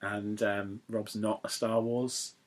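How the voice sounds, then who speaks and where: A man's voice: on the low side, level tone, slow pace. A young man from England hosting a podcast in casual, rambling, jokey chat that keeps wandering into digressions. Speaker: podcast host.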